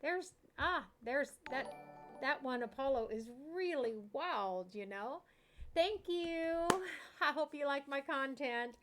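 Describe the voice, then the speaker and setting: A woman's voice: sits high, animated, takes it slowly, music in the background. A middle-aged woman chatting casually with viewers while streaming a farm sim, laughing often and talking to the game animals. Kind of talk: casual live-stream chat.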